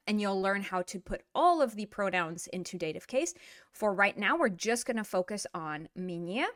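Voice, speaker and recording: A woman's voice: mid-range voice, fairly bright tone, no echo. Chatty woman teaching, dry close sound. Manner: chatty, upbeat, many fillers. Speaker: Russian language teacher. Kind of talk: casual video lesson.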